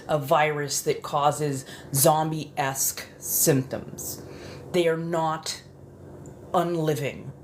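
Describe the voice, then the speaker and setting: A woman chatting in a soft-spoken ASMR style, rambling casually as she goes. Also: sits low, a little hiss or hum. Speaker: ASMR creator.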